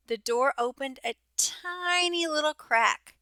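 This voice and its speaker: A teacher reading a children's storybook aloud, slowly and expressively. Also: female voice, on the high side, expressive, pushed and bright, smooth, no room sound.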